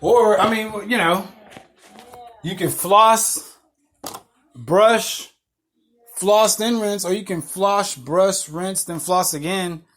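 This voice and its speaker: A man's voice: high-pitched, slow pace, pauses often, a bit bright. A man hosting a podcast, rambling through casual stories, swearing freely and laughing at himself. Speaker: podcast host. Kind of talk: casual storytelling monologue.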